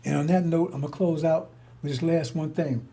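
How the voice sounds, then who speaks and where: Older guy ranting in a loose monologue, kinda high voice but warm and mellow, blunt, keeps restarting. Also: fairly even intonation, a little fast. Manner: blunt and confrontational, with frequent restarts and profanity. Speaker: storyteller. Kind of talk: rambling casual monologue.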